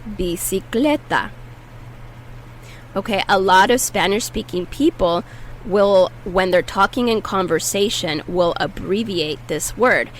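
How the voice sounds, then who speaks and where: A woman teaching a language lesson, patiently saying each word slowly and clearly so listeners can repeat after her. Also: medium pitch, slight background noise, poor audio. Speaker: Spanish teacher.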